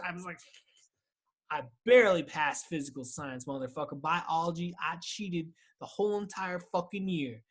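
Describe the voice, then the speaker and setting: A man's voice: high voice, expressive, fairly quick, a bit bright. Stoned man rambling on a podcast. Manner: loose, profane, laughing, talking to himself. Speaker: podcast host. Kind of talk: rambling solo podcast chat. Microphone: video call.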